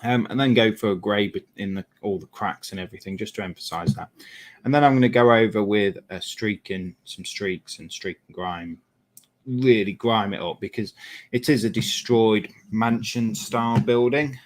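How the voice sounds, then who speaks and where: A man's voice: lowish voice, moderate pace. A man, a lorry driver, chatting casually while painting a model and telling a rambling story, often correcting himself.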